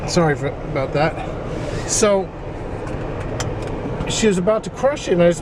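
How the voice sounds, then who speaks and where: A talkative man with a slightly raised pitch narrates his day for a vlog. His storytelling is lively and animated. Street and traffic noise sits clearly under his voice. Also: fairly quick. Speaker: vlogger. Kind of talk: casual vlog chat.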